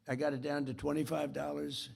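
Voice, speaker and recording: A man's voice: a little high, level tone, a little fast, a little mellow. A man giving a rambling, repetitive, boastful keynote speech into a podium microphone on a theater stage. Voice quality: gravelly. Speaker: keynote speaker. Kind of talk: political speech.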